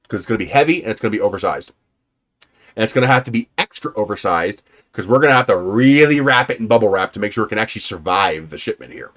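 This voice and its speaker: A man's voice: on the low side, expressive, fast, a bit bright. A man casually rambling through personal stories on a livestream, laughing often and swearing now and then. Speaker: livestream host.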